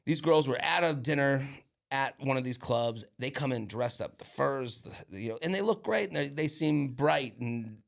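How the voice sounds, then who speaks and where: A man co-hosting a podcast, telling an animated, rambling story in casual chat with lots of fillers and restarts. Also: medium pitch, normal speed, gravelly. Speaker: podcast co-host.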